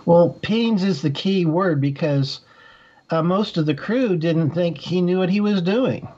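Rambling man, slightly high voice. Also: measured pace, dark tone, highs cut off. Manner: rambling, many fillers and restarts. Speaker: author guest. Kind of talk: conversational interview.

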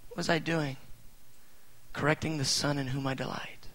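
A middle-aged man preaching with a high, keen voice. He talks casually, full of fillers, then swells into loud emphatic bursts before dropping to soft asides. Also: steady tone, normal speed, rough recording. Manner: conversational, with many fillers. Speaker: pastor. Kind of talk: sermon.

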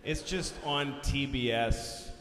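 A male stand-up comedian on stage who tells an animated, profane, exasperated story. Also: medium pitch, takes it slowly. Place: large concert hall stage. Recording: live hall reverb, faint noise.

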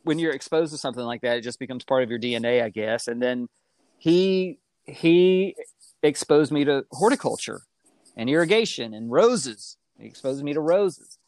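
A man's voice: moderate pace, no echo. Man telling a story, dry close sound. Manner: animated, acts out quoted voices with big pitch jumps. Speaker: guest telling his life story. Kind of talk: casual conversational storytelling.

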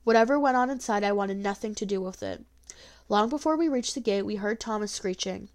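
A woman reading a first-person folk tale aloud, expressive, with small slips and restarts. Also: mid-range voice, brisk.

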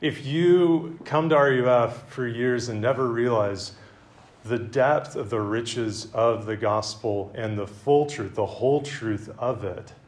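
A man giving a conversational sermon to a campus group, with self-deprecating humor and a relaxed, chatty delivery. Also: mid-range voice, unhurried. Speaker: campus ministry speaker. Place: meeting room with an audience.

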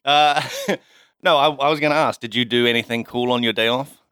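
Man, podcast co-host, teasing, laughs a lot, mid pitch, dry sound. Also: brisk, pushed and bright, smooth, no room sound. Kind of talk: casual gaming podcast chat.

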